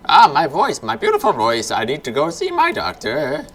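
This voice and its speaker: A man's voice: medium pitch, very animated, brisk, a bit bright, slight background noise. A man doing a fussy, theatrical bearded merchant. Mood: panicked. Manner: theatrical, self-pitying, exclaiming. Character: fussy, dramatic bearded male bazaar merchant.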